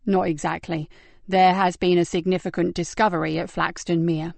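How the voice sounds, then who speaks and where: A woman narrator voicing a courteous, observant male detective who speaks calmly and formally. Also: sits high, moderate pace, vocal fry, no room sound.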